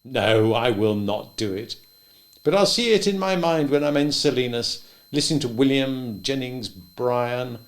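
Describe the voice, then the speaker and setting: A man voicing a wry, stubborn old male farmer who speaks gently and thoughtfully, a bit louder than his narration. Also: medium pitch, expressive, measured pace. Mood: wistful.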